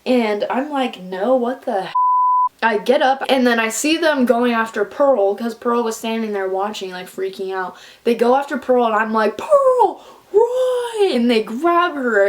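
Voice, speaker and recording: Young woman vlogging a storytime, chatty, lots of "like", swears here and there. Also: fairly high pitch. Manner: animated, fillers of "like", swears for emphasis. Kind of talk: casual storytime monologue.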